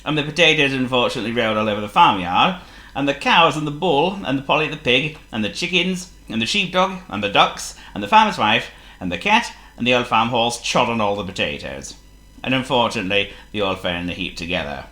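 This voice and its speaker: A man reading a children's story aloud in an expressive, playful way. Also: mid-range voice, fairly quick, echoey room. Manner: expressive and playful, laughs as he reads.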